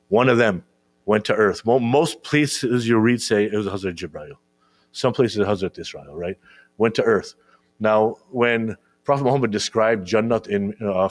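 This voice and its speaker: A man's voice: lowish voice, dry recording. A man giving a conversational sermon to young listeners, often checking in with "right?" and repeating words as he searches for them. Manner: conversational, keeps asking "right?". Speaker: speaker at a religious gathering.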